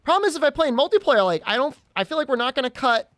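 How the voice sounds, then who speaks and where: A man's voice: very high-pitched, very animated, very fast, a bit bright, no echo. A man streaming a game, chatting casually and rambling, with frequent giggles and teasing. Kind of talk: casual gaming stream chat.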